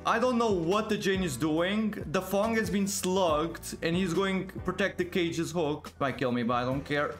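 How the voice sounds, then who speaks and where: A man giving excited live gameplay commentary, exclaiming often and repeating words in quick bursts. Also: high-pitched, soft background music. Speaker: gaming video creator.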